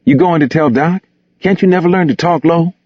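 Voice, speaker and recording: A man's voice: on the high side, big pitch swings, fairly quick, slightly rough, no echo, voice pushed up. A man voicing a nervous, defensive young man who speaks in anxious slang. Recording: dull lo-fi dry recording.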